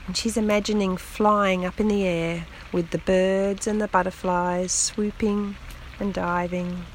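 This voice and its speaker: A woman reading a children's story aloud in a slow, gentle, expressive way. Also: mid-range voice, slight background noise, poor audio. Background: rain on the roof.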